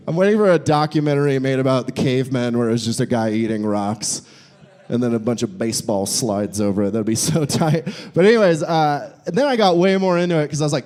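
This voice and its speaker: A young man performing a live stand-up set in a brewery, animated and jumping into squeaky voices for his bits. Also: fairly quick. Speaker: stand-up comedian. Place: brewery comedy show.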